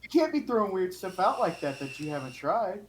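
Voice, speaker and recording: A man's voice: high voice, very animated, brisk, a little hiss or hum. A man joining a casual podcast chat with teasing wisecracks.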